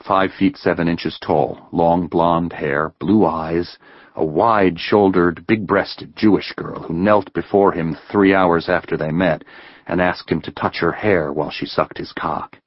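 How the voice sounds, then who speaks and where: A man reading a novel aloud in a measured, even way as an audiobook narrator. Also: low voice, no echo, highs cut off. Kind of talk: scripted narration.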